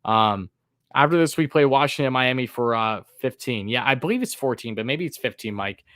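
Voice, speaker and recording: Speaking a little fast at medium pitch, this live sports call-in streamer keeps a casual, fairly level, relaxed tone thick with fillers like um and uh, remarking that his voice sounds monotone. He reads out chat names and viewer comments between thoughts. The sound is dry and close, with no room around it.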